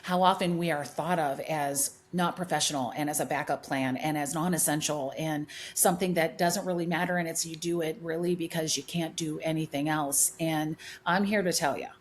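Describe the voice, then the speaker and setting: A woman's voice: low voice, fairly even intonation, moderate pace, hardly any pauses. A middle-aged woman, a hairdresser and educator, telling stories emphatically in a podcast conversation, with many restarts and repeats.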